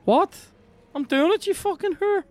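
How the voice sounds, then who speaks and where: A man with a Northern Irish accent, hosting a podcast and commenting on a video game in a sweary, excitable, jokey way. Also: very high-pitched, normal speed, no echo. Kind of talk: casual gameplay commentary.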